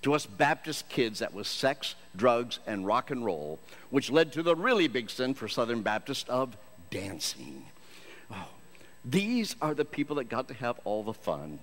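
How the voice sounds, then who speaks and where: Lively self-mocking male church speaker. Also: medium pitch, normal speed. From Michigan. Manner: self-deprecating, jokey storyteller. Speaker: Christian actor giving a church talk. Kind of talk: humorous sermon storytelling.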